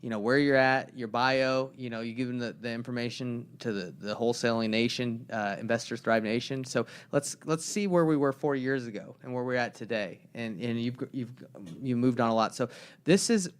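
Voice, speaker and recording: A young man co-hosting a casual podcast conversation. His voice sits at an ordinary middle pitch. He rambles through stories and slips into the voices of the people he describes. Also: moderate pace, clear, resonant tone. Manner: rambling storyteller who acts out the people in his anecdotes. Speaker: podcast co-host.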